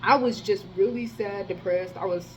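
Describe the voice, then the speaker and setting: A woman in the middle of a loose storytime monologue, tripping over restarts and swearing freely. Her voice sits at an ordinary pitch and leaps in loudness when she gets worked up. A faint hum of room ambience runs behind her. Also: moderate pace, rough recording. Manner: rambling, slangy and profane, with many restarts; animated, with sudden jumps in loudness. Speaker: storyteller vlogger.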